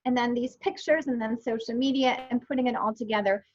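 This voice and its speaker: Animated woman in her fifties, lo-fi. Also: on the high side, a little fast. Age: 50s. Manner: animated storyteller, acts out her own past remarks. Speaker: guest. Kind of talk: casual interview chat. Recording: dull lo-fi sound.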